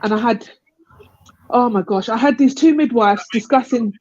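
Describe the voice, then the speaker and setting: Her voice sits on the higher side, a little mellow, at a normal speed with no echo. On a live panel, this young woman rambles through a long personal story in a casual way, frequently laughing as she performs what others said. It sounds like dull, lo-fi call audio.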